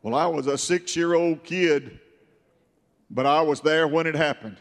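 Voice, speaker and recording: Older male preacher, higher voice, fervent with shouting bursts, long church reverb. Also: unhurried. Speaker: pastor. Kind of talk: Pentecostal sermon.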